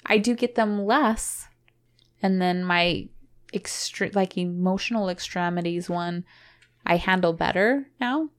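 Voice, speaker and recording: A young adult woman co-hosting a podcast, talking casually in a rambling, emotional way with halting restarts. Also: lowish voice. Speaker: podcast co-host.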